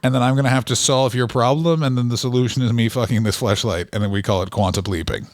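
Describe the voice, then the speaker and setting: Male comedy podcast co-host, deadpan absurd riffer, dry close mic, mid pitch. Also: quick pace, no room sound. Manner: deadpan absurd riffing, jumps into silly voices. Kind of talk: casual comedic banter.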